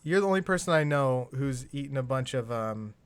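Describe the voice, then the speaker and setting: A man hosting a podcast, talking fast and casually and swearing freely. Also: mid-range voice, animated, smooth, no room sound. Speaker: podcast host. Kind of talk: casual chat.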